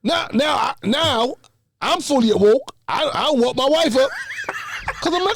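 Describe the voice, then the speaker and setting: A man from Jamaica with a Jamaican accent, a podcast guest telling a story in an animated, exasperated way. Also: very high-pitched, measured pace, creaky. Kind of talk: casual storytelling.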